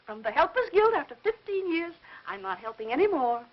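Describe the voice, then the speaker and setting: An actress playing a fussy, chattering older aunt who meddles and prattles on, in 1950s film acting. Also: female voice, very high-pitched, big pitch swings, brisk. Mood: prattling. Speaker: busybody aunt. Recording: muffled old film soundtrack with faint hiss.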